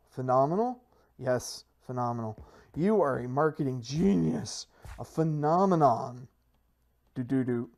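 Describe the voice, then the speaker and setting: A man's voice: animated, unhurried, a little mellow. A man giving playful gameplay commentary, rambling and self-mocking as he hypes his plans like a salesman. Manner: mock sales-pitch hype, rambling with restarts. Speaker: Minecraft server player and video creator.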